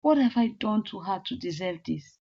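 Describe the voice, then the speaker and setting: A woman's voice: medium pitch, animated, normal speed, husky, voice pushed down. A woman storyteller speaks as a young woman betrayed by a close friend, hurt and tearful in her questions. The audio is a little muffled.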